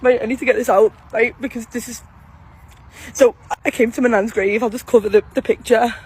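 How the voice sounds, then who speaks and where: A woman's voice: a little high, fairly even intonation, fairly quick, a little mellow, slightly rough, poor audio. A woman filming herself on a phone outdoors at a graveside, crying and shaking as she tells viewers what just happened. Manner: breathless, tearful, talks straight to viewers. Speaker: vlogger. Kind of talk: emotional vlog to camera. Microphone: phone camera.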